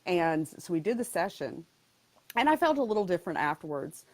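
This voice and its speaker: Frank, lower-voiced woman coach. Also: sing-song, a little fast. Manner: frank and blunt, with humor. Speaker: transformational coach, guest. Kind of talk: candid interview talk.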